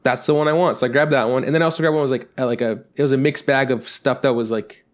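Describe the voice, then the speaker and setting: Fast-talking man telling rambling stories. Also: mid-range voice, steady tone. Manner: rambling anecdotes with acted-out quotes, swears freely. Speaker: podcast co-host. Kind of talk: casual storytelling chat.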